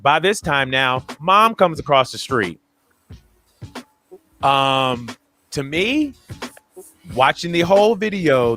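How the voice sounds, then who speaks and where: A man co-hosting a podcast, telling a story casually and acting out the people in it with big jumps in his voice. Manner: animated retelling, acts out quoted voices with big pitch jumps. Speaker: podcast co-host.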